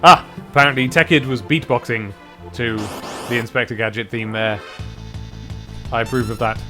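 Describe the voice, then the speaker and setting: A man chatting while streaming a game, excitable and given to humming and scatting tunes, a bit stuffy from hay fever. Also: medium pitch, moderate pace, music in the background. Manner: chatty, hums and scats tunes, excitable outbursts. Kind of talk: casual let's play commentary.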